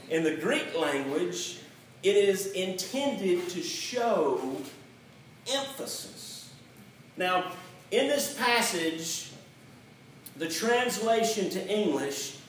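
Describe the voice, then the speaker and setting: A male pastor delivers a sermon in a high voice, unhurried and emphatic, leaning on key words. The sound is very echoey and comes from a mic set well back in a church sanctuary. A faint room hum sits behind him. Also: a bit bright, far from the mic. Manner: emphatic, with slow deliberate stresses on key words.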